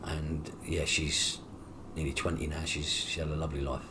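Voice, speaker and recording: A man's voice: extremely low pitch, moderate pace, background noise. A middle-aged man, telling his life story in an interview. He acts out the dialogue in his story and swears freely. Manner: animated, acts out quoted dialogue with coarse swearing. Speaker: guest.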